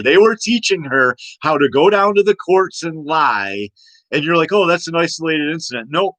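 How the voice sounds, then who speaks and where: A man's voice: a little high, lively intonation, moderate pace, a bit bright, dry recording, poor audio. A man in his forties ranting in a late-night monologue, rambling and agitated with many restarts and repeated questions. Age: 40s. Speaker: host.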